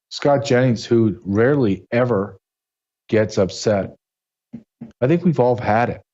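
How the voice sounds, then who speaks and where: A man's voice: medium pitch, warm tone, muffled recording. Indignant man hosting political commentary. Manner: indignant, emphatic, rhetorical questions. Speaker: show host.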